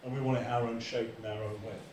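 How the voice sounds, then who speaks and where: A man preaching a lively sermon as pastor, acting out quoted voices as he goes. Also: mid-range voice, quick pace, slight background noise. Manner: animated, acts out quoted voices. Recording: echoey room from far off.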